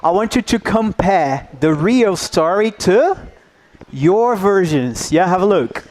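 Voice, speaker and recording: A man's voice: high voice, expressive, takes it slowly, a little mellow, a little hiss or hum. A man leading a teacher workshop, coaxing the audience and checking in with "yeah?" after nearly every point. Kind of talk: interactive workshop talk.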